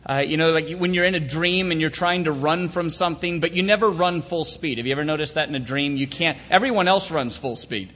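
A man's voice: a little high, a little fast, few pauses, a bit bright. A man preaching, telling a rambling comic story with many fillers, then praying solemnly and teaching. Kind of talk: sermon with a comic story and prayer. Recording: dull echoey hall recording.

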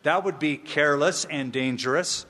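A man's voice: fairly high pitch, normal speed, sharp tone. A man pastor preaching a sermon, emphatic and humorous, repeating key phrases for weight. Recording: long reverb of a large hall.

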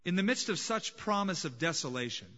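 A male pastor preaching a sermon in a dramatic manner, dropping to a hush and then rising to emphatic points. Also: high voice, very animated, brisk, long reverb tail, lo-fi sound. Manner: dramatic, swings between hushed and emphatic.

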